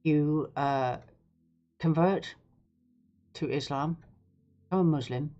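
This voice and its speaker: A woman's voice: low voice, slow pace, dark tone, lo-fi sound, faint music behind. A woman hosting a live stream, talking in a rambling, sarcastic, digressive way. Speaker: livestream host. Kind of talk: casual live-stream commentary.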